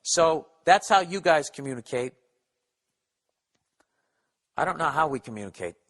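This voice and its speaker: Bright-voiced sarcastic man ranting. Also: on the high side, animated, unhurried. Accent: Boston. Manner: profane, sarcastic, rambling. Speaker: podcast host. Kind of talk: casual comedic rant.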